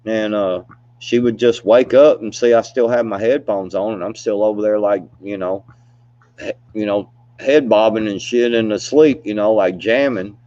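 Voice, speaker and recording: A man's voice: fairly low pitch, steady tone, moderate pace, dark tone. A man telling stories in a casual chat, laid-back and rambling, laughing often and filling gaps with "you know". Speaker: storyteller. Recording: dull, dry lo-fi recording.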